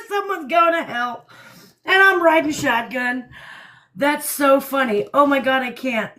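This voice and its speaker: Blunt middle-aged woman, high and slow. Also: lively intonation, bright, forceful tone. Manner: blunt, laughing often. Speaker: livestream host. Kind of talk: casual live chat. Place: at home at night.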